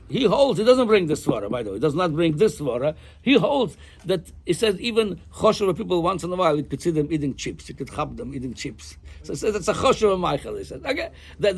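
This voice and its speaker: A man's voice: sits high, slightly rough. A man teaching a Torah class as a rabbi. He often repeats words while he thinks. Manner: animated, repeats words while thinking, mixes Hebrew and Aramaic terms.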